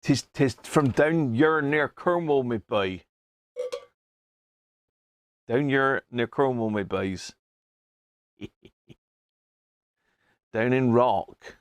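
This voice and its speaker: A man voicing a joking, folksy West Country yokel with a put-on West Country accent and a slow mock-rustic drawl. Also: mid-range voice, no echo. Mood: jokey.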